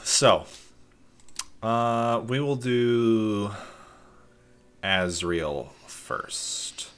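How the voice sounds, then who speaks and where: A man running a tabletop game as game master, relaxed and full of fillers. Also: on the low side, moderate pace.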